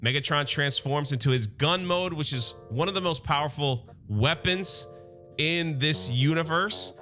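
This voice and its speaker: A man hosting a casual comic book recap, chatty and animated, talking straight to his fans. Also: fairly high pitch, a little slow, faint music behind.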